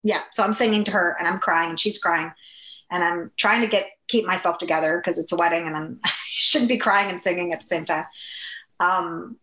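A woman from the Upper Midwest of the US, telling an emotional personal story as an interview guest, earnest, with halting restarts. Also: fairly low pitch, pushed and bright, echoey room, poor audio.

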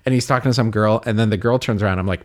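A man's voice: on the low side, rapid-fire. A young man co-hosting a podcast, telling stories in casual chat, full of "like" fillers. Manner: rambling storyteller, many "like" fillers. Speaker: podcast co-host.

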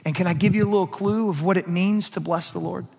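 A middle-aged man preaching a sermon as a pastor, his voice pitched high for a man. He swings between hushed, intimate passages and raised, emphatic lines. A long reverb from a large hall trails after each phrase. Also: fairly even intonation, quick pace, creaky, husky.

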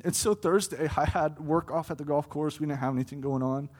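A man's voice: fairly high pitch, fairly quick, breathy edge. Earnest young man preaching a sermon. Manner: earnest, building to impassioned pleas with fluctuating loudness. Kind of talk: sermon testimony.

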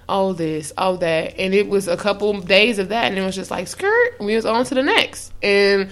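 Young woman co-host, animated storyteller, frank, at an ordinary pitch. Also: moderate pace, hardly any pauses, smooth. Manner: animated storytelling, acts out quotes; frank, swears freely. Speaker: podcast co-host. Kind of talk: casual chat.

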